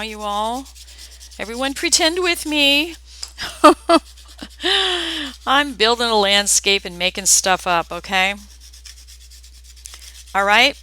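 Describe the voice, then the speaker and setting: A woman's voice: a little high, sharp tone, clean tone, poor audio. A woman with a Southern US accent giving a live painting lesson, chatty and folksy, talking straight to her viewers. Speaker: art instructor. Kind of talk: live-streamed painting demonstration.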